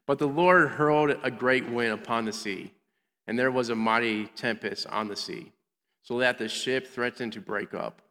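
A man's voice: medium pitch, moderate pace, pushed and bright. A man giving a playful Bible lesson to children, acting out the characters in little voices. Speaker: children's minister. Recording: long hall reverb.

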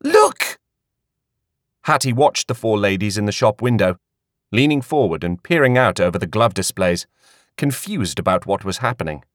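A man narrating an audiobook in an expressive storytelling manner. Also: fairly low pitch, moderate pace, no echo, clean studio sound. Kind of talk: scripted narration.

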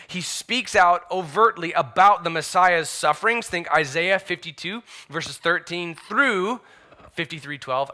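A high-pitched man preaches as a pastor, emphatic in tone. He swings between loud declarations and hushed asides.

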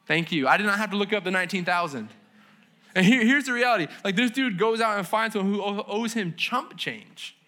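Pastor, male, high and bright voice, casual conversational sermon, slangy, checks in with the room. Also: animated, fairly quick. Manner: casual, conversational preaching with slang and audience questions. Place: church service.

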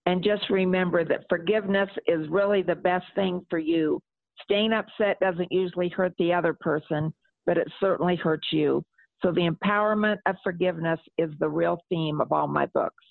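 A woman's voice: lowish voice, fairly even intonation, normal speed, gravelly, no room sound. A middle-aged woman author answering interview questions and reading aloud from her novel, speaking earnestly. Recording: tinny phone line.

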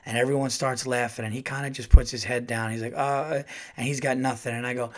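A middle-aged man telling a casual, animated story as a comedian hosting his podcast. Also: fairly quick. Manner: animated, acts out quotes in a louder higher voice.

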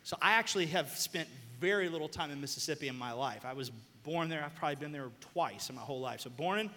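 A young man from the southern United States preaching a sermon, telling stories animatedly and bursting into shouts. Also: a little high, fast. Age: young adult. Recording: long hall reverb.

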